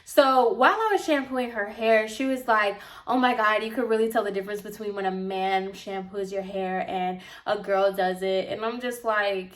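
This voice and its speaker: A young woman vlogger and apprentice hairstylist telling a casual story, talking fast and loose with lots of "like", sounding exasperated. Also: on the high side, big pitch swings. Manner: chatty, exasperated, heavy use of "like".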